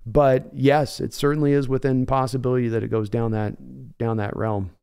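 A man's voice: mid-range voice, level tone, moderate pace, creaky, darkish tone, clean tone. A man hosting a live sports stream, chatting casually and answering viewers by name. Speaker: sports podcast host reading chat.

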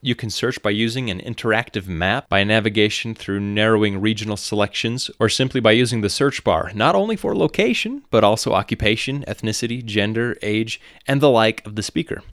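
A man's voice: fairly low pitch, brisk, few pauses, a bit bright, no echo, clean studio sound. A man with a general American accent, reading a scripted podcast narration with wry, conversational asides. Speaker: podcast host.

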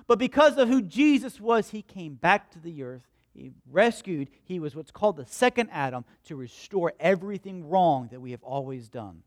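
A male pastor preaches a sermon in a voice that sits high, with clean studio sound and no echo. He repeats lines for emphasis, poses questions and answers them himself, and swings between loud, emphatic peaks and quiet storytelling.

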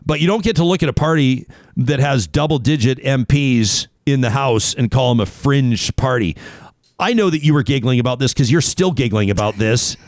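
A man hosting a talk radio show, opinionated and animated, talking in quick asides with his co-hosts. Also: medium pitch, dry recording. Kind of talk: casual talk radio banter and ad reads.

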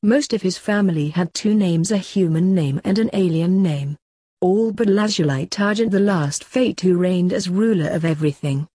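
A woman narrating a story aloud in an even, unhurried reading. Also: on the low side, husky, no echo, clean studio sound.

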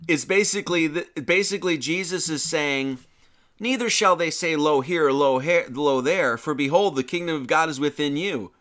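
Lively man preaching a casual sermon. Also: on the high side, moderate pace. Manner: animated, chatty, many restarts and slang. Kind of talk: casual sermon with Bible reading.

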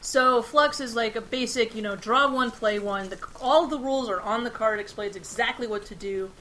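A chatty woman introduces a card game in a relaxed, upbeat way. Her voice sits a little high and sounds bright, with faint background noise. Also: normal speed. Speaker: podcast co-host. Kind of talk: casual chat about board games.

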